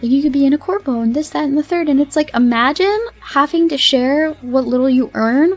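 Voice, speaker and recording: A young woman with a slightly high voice chats on her livestream, rambling from one thought to the next. She laughs often, swears freely and breaks into dramatic outbursts, with faint music playing behind her. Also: brisk. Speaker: streamer. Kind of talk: casual livestream chat.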